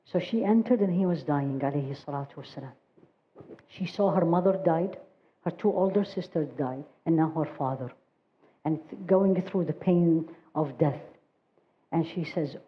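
Woman preaching, low voice, emotional storytelling, kinda dull lo-fi sound. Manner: emotive storytelling, recites Arabic verses quickly. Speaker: religious teacher. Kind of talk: sermon storytelling.

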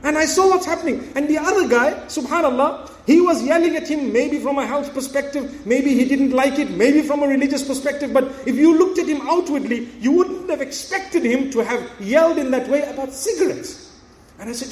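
A man preaching a sermon, telling a story and acting out the dialogue in an animated way. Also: extremely high pitch, fairly quick, reverberant.

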